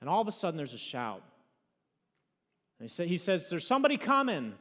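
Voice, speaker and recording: High-voiced pastor telling a dramatic sermon story. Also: male voice, big pitch swings, brisk. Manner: dramatic, swings from loud to hushed. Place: church sanctuary. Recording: church hall reverb.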